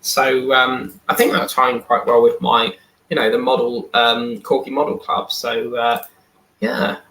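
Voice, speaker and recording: A man's voice: medium pitch, steady tone, a little slow, a bit bright. A man hosting a live stream in casual chat, reading and answering viewer comments aloud. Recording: echoey room.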